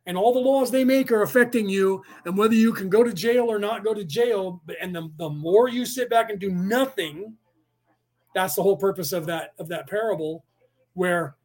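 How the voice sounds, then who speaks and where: A man's voice: high voice, normal speed, darkish tone. A man giving a rambling, argumentative monologue that keeps asking "do you see?" and acts out the voices he quotes. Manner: repeats "do you see?" to press points. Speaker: speaker on politics and spirituality.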